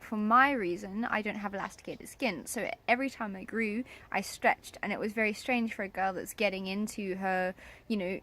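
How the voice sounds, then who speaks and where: A woman co-hosting a casual vlog at home. She is chatty and emphatic and laughs often. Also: mid-range voice. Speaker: co-host of a couple's vlog. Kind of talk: casual chat.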